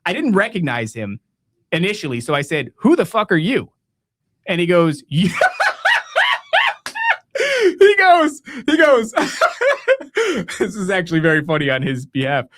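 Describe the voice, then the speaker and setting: A man's voice: high voice, huge pitch swings, moderate pace, a bit bright, a little hiss or hum. An American man hosting a podcast, telling a story in a profane, mocking rant and laughing at his own tale. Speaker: podcast host.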